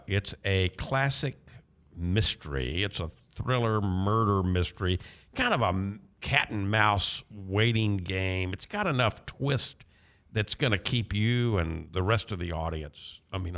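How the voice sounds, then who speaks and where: A man with a Southern accent hosting a radio talk show, chatty and quick to laugh, often stumbling over his words. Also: low voice, a bit bright. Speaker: radio host.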